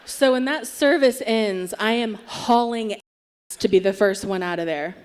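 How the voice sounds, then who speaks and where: A woman's voice: medium pitch, measured pace, clean tone. A woman telling a wry, self-deprecating story on a theatre stage, acting out what people said. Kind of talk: live comic storytelling.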